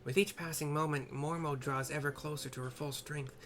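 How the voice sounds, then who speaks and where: A man's voice: fairly high pitch, steady tone, normal speed, a bit bright, lightly acted. A man voicing a small, urgent male mage who pushes for decisive action. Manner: urgent, resolute.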